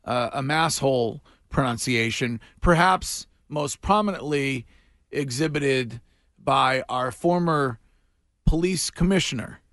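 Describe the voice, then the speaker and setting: A man's voice: medium pitch, slow, a bit bright, no room sound, studio quality. A man hosting a morning radio show, chatting casually and jokily with lots of restarts. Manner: chatty, jokey, trailing fillers and restarts. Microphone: studio microphone.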